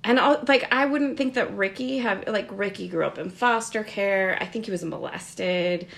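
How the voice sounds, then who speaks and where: In her twenties, this podcast co-host chats casually and tells lively stories, laughing often. Her voice is medium-pitched and creaky, moving at a normal speed.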